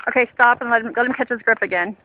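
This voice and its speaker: A woman's voice: on the high side, racing, narrow, tinny audio. A woman talking sweetly to her dog in a casual home video outdoors. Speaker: dog owner filming her pet.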